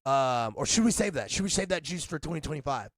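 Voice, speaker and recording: A man with a raspy, deep voice co-hosting a podcast, chatting loosely with laughs and shout-outs. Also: sing-song, quick pace, no room sound, clean studio sound. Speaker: podcast co-host. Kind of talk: casual podcast chat.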